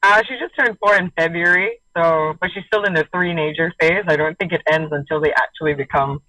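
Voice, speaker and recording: A woman's voice: sits low, a little fast, sharp tone, no room sound, poor audio. A young woman telling her personal story as a radio interview guest, thoughtful and hesitant, with many fillers and light laughs. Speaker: interview guest, single mother.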